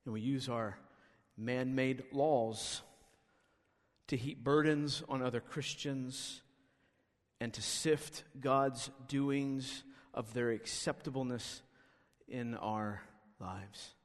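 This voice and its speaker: A man's voice: medium pitch, steady tone, slow pace. A male pastor preaching a sermon, emphatic, pressing his listeners with rhetorical questions. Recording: long reverb of a hall.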